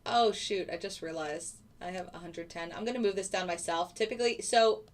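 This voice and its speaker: A woman hosting a live trading stream, chatting casually and answering viewers by name. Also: medium pitch. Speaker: livestream host. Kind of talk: casual livestream chat.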